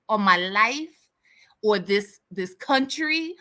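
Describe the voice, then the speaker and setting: A woman's voice: a little high, sing-song, unhurried, bright, forceful tone. A woman hosting a casual livestream chat, answering viewer comments with sassy, candid banter. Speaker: livestream host.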